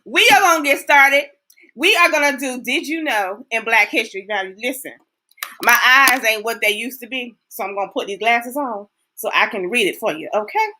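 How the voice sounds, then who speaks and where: A woman's voice: on the high side, moderate pace, pushed and bright. A middle-aged woman host, chatting folksily and talking straight to her viewers. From Texas. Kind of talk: casual livestream chat.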